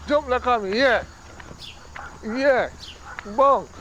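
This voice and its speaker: A man's voice: extremely high pitch, extremely slow, pushed and bright, highs cut off, slight background noise, heavily acted. A man playing a playful, bragging young Jamaican boy.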